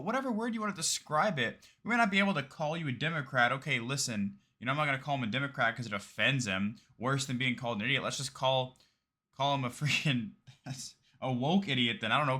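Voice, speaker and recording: A man's voice: medium pitch, quick pace, bright, forceful tone. A man giving casual, blunt reaction commentary on a debate clip in a mocking, slangy way.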